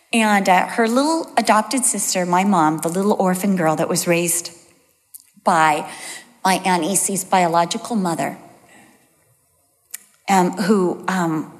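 A middle-aged woman, a Bible teacher, giving a conversational sermon to an audience and telling stories in a chatty, animated way. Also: mid-range voice. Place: large hall before an audience. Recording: long reverb of a large hall.

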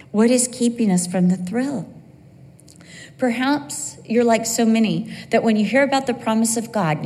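A middle-aged woman teaching a sermon with lively humor, tossing in quick asides and acting out little exchanges. Her voice sits in a mid range and rings with long reverb from a large church hall. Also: mid-range voice. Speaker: women's Bible teacher. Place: church sanctuary.

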